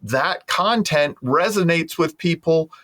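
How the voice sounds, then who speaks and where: A man's voice: a little high, slow pace, a bit bright. A man hosting a podcast, talking in a rambling, enthusiastic way full of restarts. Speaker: podcast host. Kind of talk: casual interview chat.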